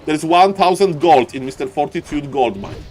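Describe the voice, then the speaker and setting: High-voiced excitable male game caster. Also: normal speed, slight background noise. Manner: excitable, keeps saying "ladies and gentlemen"; voice climbs high and loud in fights. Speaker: esports caster. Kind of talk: live game commentary.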